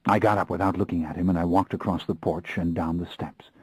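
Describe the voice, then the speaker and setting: A man's voice: low voice, fairly even intonation, fairly quick, a little mellow, breathy edge, no echo, low-quality recording. A man narrating an audiobook in the first person, with an intense, brooding reading into a close studio mic.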